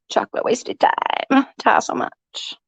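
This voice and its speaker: A woman's voice: takes it slowly, no room sound. A woman in her forties chatting casually with viewers on a livestream, laughing often and swearing freely as she rambles. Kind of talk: casual live chat. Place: at home. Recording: dull, dry lo-fi sound.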